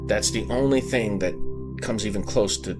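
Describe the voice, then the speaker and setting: A man with a fairly low voice recounts a personal brush with the paranormal for his podcast. He talks earnestly, pausing and rephrasing as he searches for the right words. Clear music plays underneath him throughout. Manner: earnest, halting, circles back and rephrases. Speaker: podcast host. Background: background music.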